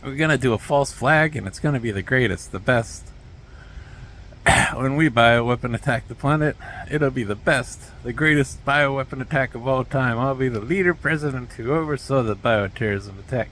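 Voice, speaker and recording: A man's voice: mid-range voice, moderate pace, fairly bright tone, a little hiss or hum, natural voice. A man putting on a mocking impression of a boastful older male politician who brags in superlatives.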